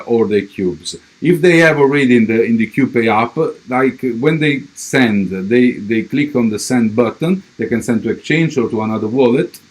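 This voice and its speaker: A man with a strong Italian accent, a crypto project representative giving a livestream update and answering viewer questions, with many fillers and restarts. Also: mid-range voice.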